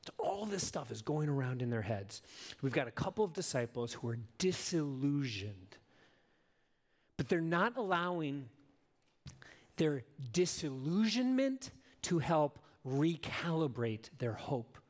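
A man's voice: fairly high pitch, big pitch swings, unhurried. A man preaching a sermon as a pastor, earnest and emphatic, putting rhetorical questions to his listeners.

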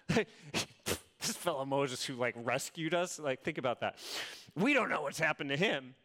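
Middle-aged male pastor, fairly high voice, chatty sermon, loud then hushed, long reverb. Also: normal speed. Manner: conversational and animated, many "like"s, swings from loud to hushed.

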